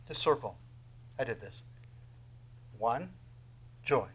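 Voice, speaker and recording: A man preaching a sermon, reading scripture aloud and swinging from loud emphatic declarations to hushed whispers. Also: on the high side, animated, moderate pace, long pauses, low-quality recording. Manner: acts out dialogues with God in other voices. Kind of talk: sermon, Bible teaching.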